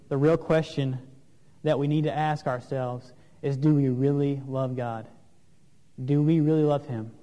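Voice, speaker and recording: A man preaching an earnest sermon, asking questions of his listeners, with some pauses and fillers. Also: on the high side, mellow. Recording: long reverb of a large room.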